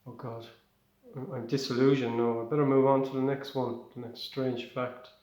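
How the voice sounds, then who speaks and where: Rambling Irish comedian, echoey room. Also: male voice, medium pitch, moderate pace, lo-fi sound. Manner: rambling, self-interrupting, excitable. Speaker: stand-up comedian. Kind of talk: comic storytelling.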